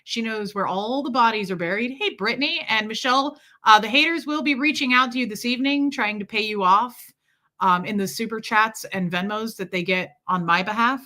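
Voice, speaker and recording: Bright-voiced woman chatting on a livestream. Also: fairly high pitch, a little fast. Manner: rambling, chatty storytelling with asides to viewers and pets. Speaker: livestream host. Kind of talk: casual livestream chat.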